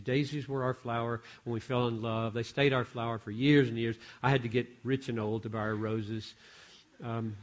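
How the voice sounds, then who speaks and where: Older male preacher, animated storyteller, mid-pitched voice. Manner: animated storytelling with self-corrections. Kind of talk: sermon with acted-out story.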